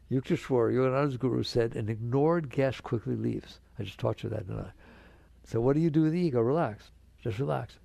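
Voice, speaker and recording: A man's voice: mid-range voice, vocal fry, warm tone, husky, dry recording. A man giving a spiritual talk to an audience, speaking conversationally, addressing listeners directly with rhetorical questions and soothing them into relaxing. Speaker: spiritual teacher.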